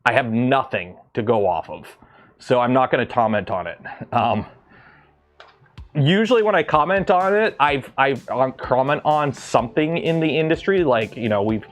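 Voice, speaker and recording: A man's voice: medium pitch, animated, normal speed. A man from Canada hosting a casual livestream in his garage, rambling and breaking off to answer chat as he works. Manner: rambling, self-interrupting, reads chat aloud. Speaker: livestream host. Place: home garage.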